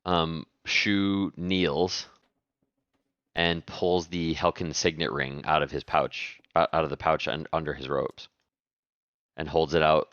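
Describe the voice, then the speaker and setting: A man playing a tabletop game, halting and thinking aloud as he describes his actions. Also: extremely low pitch, fairly bright tone, no echo. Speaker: player. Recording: dull, dry home mic.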